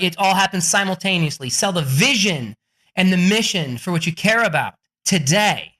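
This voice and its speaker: A man talking as a podcast guest, animated and energetic, swearing freely and laughing as he talks. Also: high voice. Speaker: podcast guest, book coach. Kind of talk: energetic, profane interview talk.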